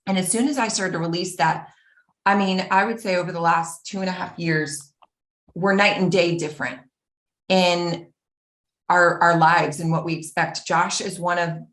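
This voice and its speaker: A woman giving an earnest, animated personal talk, acting out the voices of the people she quotes. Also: fairly low pitch, moderate pace. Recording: roomy echo.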